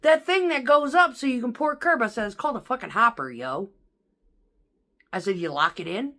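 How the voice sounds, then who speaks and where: Woman vlogger, foul-mouthed and animated, swinging her pitch widely as she rants. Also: normal speed, vocal fry. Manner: blunt, sweary, animated, mimics coworkers. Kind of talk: casual profane storytelling.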